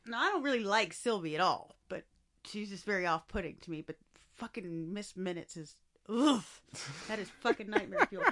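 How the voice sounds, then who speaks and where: A woman co-hosts a casual podcast, her medium-pitched voice animated and fairly bright at a normal pace. She talks bluntly and emphatically and swears a lot.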